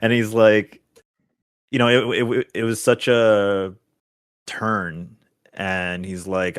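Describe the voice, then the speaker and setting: A man with a low voice chats casually on a gaming podcast. He tells stories with animated bursts, acting out the people he quotes. The sound is dry and close. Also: slow, long pauses, clean tone, no echo. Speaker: podcast co-host. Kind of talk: casual chat.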